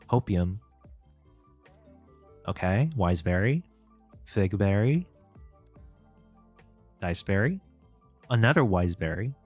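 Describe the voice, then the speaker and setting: A man streaming his indie game development, thinking aloud and chatting with viewers, often chuckling. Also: on the low side. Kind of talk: live-stream dev chat. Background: soft background music.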